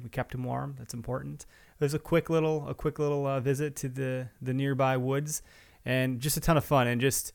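A man's voice: mid-range voice, gravelly, clean tone. A man, hosting a podcast in a rambling, chatty way full of fillers. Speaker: podcast host. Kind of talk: casual solo podcast intro.

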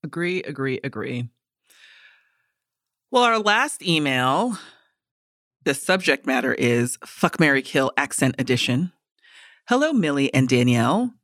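Bright-voiced woman cohost, blunt and sweary, super dry close mic. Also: rumbling low, animated, unhurried, long pauses, dry recording. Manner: frank and profane, reads listener emails aloud. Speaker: podcast co-host. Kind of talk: casual chat.

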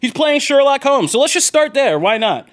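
A man's voice: very high voice, very animated, normal speed. A man hosting a podcast in casual chat, joking and rambling with fillers. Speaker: podcast host.

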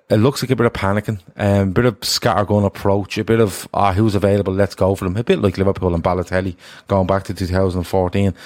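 Low-voiced man hosting a football podcast. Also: dry recording, clean studio sound. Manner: rambling, self-correcting, upbeat. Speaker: podcast host. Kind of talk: casual football podcast chat.

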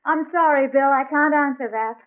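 Give me a soft high mysterious young woman played by an actress on old radio. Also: normal speed, lightly acted. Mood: hushed. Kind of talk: 1940s radio drama acting. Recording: tinny old 1940s radio broadcast.

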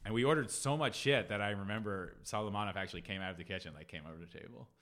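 A man co-hosting a casual chat, animated and joking, swearing casually. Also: fairly low pitch, rapid-fire. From Philadelphia. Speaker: podcast co-host.

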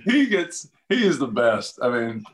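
A man's voice: mid-range voice, very animated, a little slow. Easygoing male podcast host. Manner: easygoing, asks rambling questions with restarts. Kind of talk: casual interview chat.

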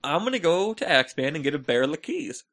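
A man co-hosting a podcast, telling rambling stories with jokey, deadpan asides in casual chat. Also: a little high, fast. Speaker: podcast co-host.

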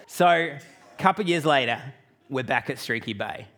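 A man's voice: mid-range voice, normal speed. An Australian man giving a sermon as a pastor, telling a family story with joking asides to the congregation. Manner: lively, joking asides to the audience.

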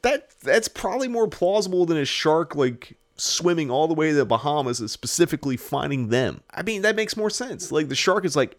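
A man hosting a movie podcast in casual chat, animated and profane, joking and acting out characters. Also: fairly high pitch, brisk, hardly any pauses. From Los Angeles area. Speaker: podcast host.

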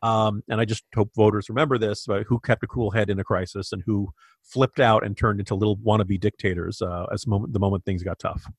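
Indignant man with a low, dry voice. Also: fairly even intonation, fairly quick, husky, dry recording. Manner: opinionated, indignant, with frequent restarts. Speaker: podcast co-host. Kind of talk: casual political commentary.

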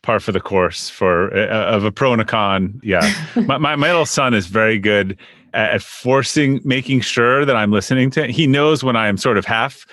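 A man with a low voice hosts an interview podcast. He is recorded with a dry, close sound and talks in a relaxed way, often stumbling and repeating himself on his way to the point. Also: moderate pace, dry recording. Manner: relaxed, stammers and repeats words. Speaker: podcast host. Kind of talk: interview hosting.

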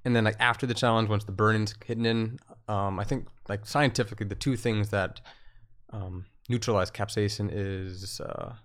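A man's voice: lowish voice, fairly even intonation, moderate pace, a bit bright. A man, a competitive eater, chatting casually on a podcast with many fillers and restarts.

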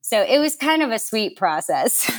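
A woman's voice: on the high side, sing-song, unhurried. A young woman from New York City, a guest telling stories in a casual interview, chatty and laughing, with lots of fillers and acted-out quotes.

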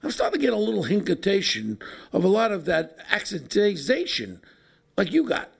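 A man's voice: high voice, huge pitch swings, fairly quick, vocal fry, husky. A brash, joking man with a New York accent hosting a podcast in casual chat. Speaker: podcast host.

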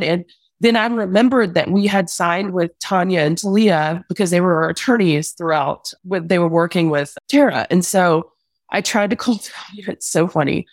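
A woman's voice: on the low side, moderate pace, no room sound. A young adult woman recounting a painful personal ordeal as a podcast guest, candid and rambling with many "like"s. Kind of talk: emotional personal account.

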